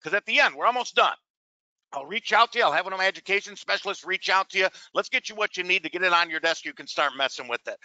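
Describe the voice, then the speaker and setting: A man's voice: sits high, expressive, fast, sharp tone, no echo, muffled recording. A man teaching trading on a live webinar. He talks with salesy energy, keeps asking rhetorical questions and calls his listeners "gang". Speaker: trading educator.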